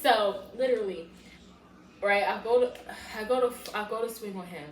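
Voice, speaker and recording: A woman, casually telling a storytime on her channel and loudly acting out her past self in bursts. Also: moderate pace. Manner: animated, swings into loud high-pitched re-enactments of her past self. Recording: echoey room with faint background noise.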